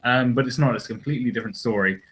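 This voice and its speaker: A man's voice: mid-range voice, rapid-fire, a bit bright, low-quality recording. A man co-hosting a casual podcast chat, rambling and hesitant, often restarting his sentences. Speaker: podcast co-host.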